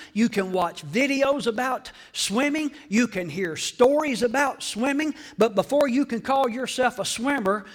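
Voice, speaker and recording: A man preaching a sermon to a church congregation, swinging between hushed whispers and loud, dramatic shouting. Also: high-pitched. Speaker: pastor.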